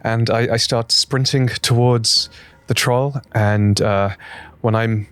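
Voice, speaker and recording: Hesitant, flat-voiced male player. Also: medium pitch, smooth, dry recording, faint music behind. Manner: hesitant, halting with many uhs. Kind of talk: casual tabletop play.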